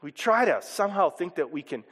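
A male pastor preaches with a high, lively voice that rises and dips as he talks. He acts out little voices and chuckles along the way. His words ring with the long reverb of a large auditorium. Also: fairly quick, breathy edge. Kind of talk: sermon.

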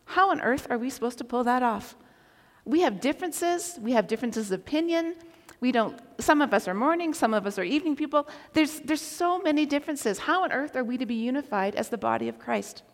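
A woman preaching a sermon, telling a personal story with animated delivery and occasional shouted quotes. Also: high voice, fairly quick. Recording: long reverb of a large hall.

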